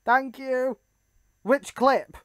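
A woman's voice: high voice, extremely slow, no echo. A woman hosting a casual let's-play, reacting to the game with frequent squeals and exclamations. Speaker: gaming video host.

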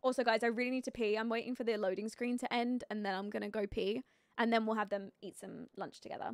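Speaking quickly, a giggly young woman with a high, bright voice streams a life-sim game and gives relaxed commentary, thinking out loud with lots of fillers. She breaks off to greet chat viewers by name, and the audio is close and dry with no sense of a room.

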